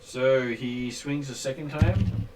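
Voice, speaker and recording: A man's voice: medium pitch, slow, a crowd in the background. A man acting as game master, casually explaining the rules and the monster's moves. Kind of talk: running a tabletop game. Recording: far from mic, faint noise.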